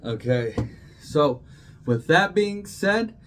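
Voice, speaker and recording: A man's voice: fairly high pitch, animated, slow, a little hiss or hum, rough recording. A man hosting a home cooking video, talking casually and checking in with viewers with a frequent "okay?". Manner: chatty, says "okay?" often. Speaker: cooking channel host.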